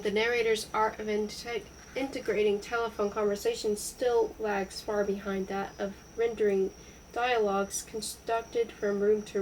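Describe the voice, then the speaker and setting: A woman reading literary prose aloud in a slow, measured narration. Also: a little high, far from the mic, slight background noise, low-quality recording. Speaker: audiobook reader.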